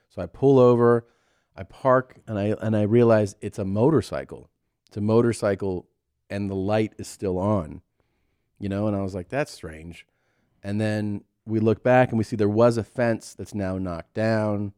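A man's voice: on the low side, moderate pace, clear, resonant tone, no room sound, clean studio sound. A man co-hosting a podcast, telling a casual comedic story and acting out the voices of the people in it. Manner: animated, acts out voices in stories. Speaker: podcast co-host.

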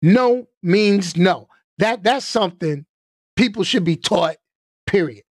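A man giving live-stream commentary in an animated way, stopping often to add "okay?" and "all right?" for emphasis. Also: sits high, slow pace, no echo, clean studio sound.

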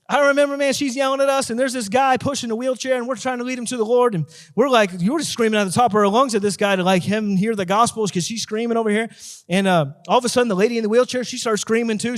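A man's voice: very high voice, fairly even intonation, quick pace. A man, an evangelist, telling a street-ministry story as a guest, talking in an emphatic, repetitive, preaching way. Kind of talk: testimony told in an interview.

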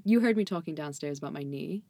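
A woman's voice: deep voice, lively intonation, quick pace, vocal fry, mellow, dry recording. Chatty young woman, endless "like"s. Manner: filler-heavy storytelling, says "like" constantly, swears, laughs often. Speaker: guest. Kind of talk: casual chat.

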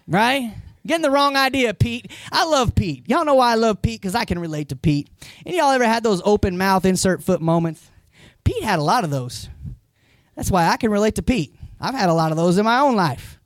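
A man's voice: high-pitched, fairly quick, dry recording, studio quality. A man preaching a sermon as a pastor, talking conversationally and putting questions straight to the congregation. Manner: animated storytelling.

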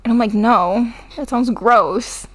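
A woman's voice: fairly high pitch, slow. A young woman co-hosting a podcast in casual chat, giggling often and filling her talk with "like.". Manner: giggly, lots of filler likes. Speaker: podcast co-host.

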